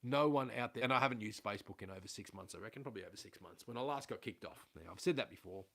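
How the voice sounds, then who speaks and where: A man's voice: fairly low pitch, rapid-fire, fairly bright tone. Middle-aged aussie bloke rambling on a home livestream, swears a lot, loses his train of thought. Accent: Australian. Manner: rambling, swears freely, self-aware about waffling. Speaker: livestream host. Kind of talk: casual rambling livestream chat. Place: at home indoors.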